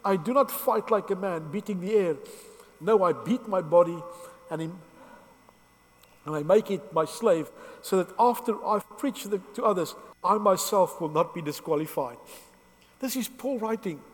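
A man preaching a sermon in an earnest, halting way, often restarting his sentences, and emotional as he speaks. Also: high-pitched, animated, long reverb tail.

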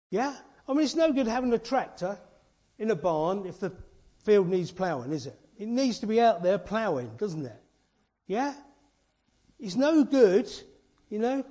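Husky-voiced lay preacher. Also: male voice, very high-pitched, mellow. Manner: earnest, chatty preaching with rhetorical questions and asides. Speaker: church elder and lay preacher. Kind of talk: informal sermon.

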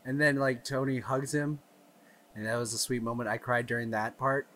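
A man's voice: medium pitch, steady tone, normal speed, fairly bright tone, slight background noise. A man co-hosting a podcast, eagerly retelling movie scenes in casual chat. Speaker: podcast co-host.

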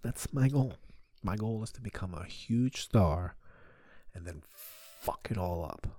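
A man's voice: sits low, a little slow, warm tone, no room sound. A man hosting his own podcast alone, rambling and swearing through self-deprecating comedic confessions. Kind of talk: solo comedic confessional talk.

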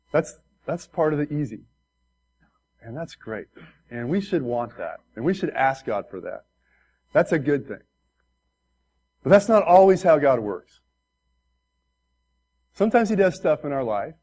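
Pastor guy giving a sermon, mid pitch, earnest and chatty, talks right at the congregation. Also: low-quality recording. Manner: earnest, conversational preaching with direct asides to the congregation.

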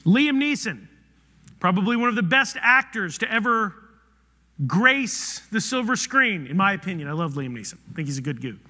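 A man preaching a sermon as the pastor, animated and conversational, swinging between loud emphasis and hushed, near-whispered passages. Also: high voice, moderate pace. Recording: reverberant hall.

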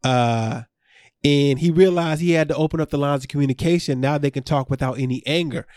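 A man's voice: a little high, fairly quick, a little mellow, no room sound, clean studio sound. A man co-hosting a podcast, recapping a reality show in loose casual chat and laughing often.

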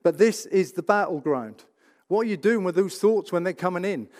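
A man's voice: high-pitched, animated, normal speed, darkish tone. A man preaching a sermon in a church, emphatic and full of rhetorical questions. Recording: reverberant church hall.

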